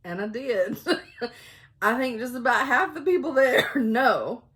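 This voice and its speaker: A middle-aged woman, telling stories in a loud, chatty vlog and laughing often. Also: a little high, expressive, slow pace, slightly rough. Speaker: cross-stitch vlogger. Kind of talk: casual storytelling chat.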